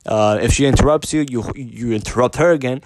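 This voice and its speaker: A man's voice: mid-range voice, brisk, background noise. A man hosting his own advice show, talking off the cuff in a blunt, profane, repetitive way. He often restarts his sentences and keeps asking "you know what I mean.". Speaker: podcast host giving dating advice. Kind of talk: casual unscripted monologue.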